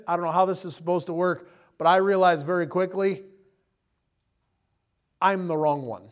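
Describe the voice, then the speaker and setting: A man's voice: high voice, steady tone, normal speed, long pauses. A man preaching a sermon in a casual, conversational way, often chuckling and acting out the people he quotes. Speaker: pastor.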